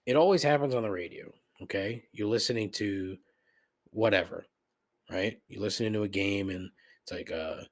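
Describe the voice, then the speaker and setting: A man's voice: fairly low pitch, moderate pace. A middle-aged man hosting a podcast, ranting in a casual, comedic, profane and rambling way. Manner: profane, rambling, griping, frequent laughs and asides. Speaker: podcast host.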